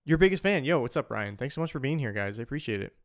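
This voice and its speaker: Chatty young man with a smooth, dry voice. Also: medium pitch, expressive, fast talker, dry recording. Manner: chatty, greets viewers by name, loose and rambling. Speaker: streamer and musician. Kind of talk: casual livestream chat.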